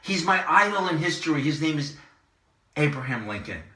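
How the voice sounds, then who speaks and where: A man hosting his own commentary channel, delivering an impassioned monologue that repeats phrases and swings between loud and soft. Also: on the high side, sing-song, normal speed, reverberant, recorded from a distance. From Southern California. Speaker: online commentary host.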